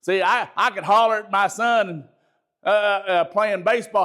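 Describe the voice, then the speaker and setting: Loud, emphatic middle-aged man teaching. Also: high voice, fairly even intonation, moderate pace. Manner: loud, emphatic natural speaking voice. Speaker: bishop teaching a ministry training session. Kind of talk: spoken teaching lecture.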